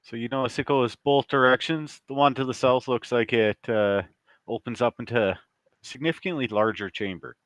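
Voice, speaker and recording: A man's voice: medium pitch, normal speed, fairly bright tone, dry recording. A man running a tabletop game as game master, narrating scenes in a casual, loose way with the odd swear word.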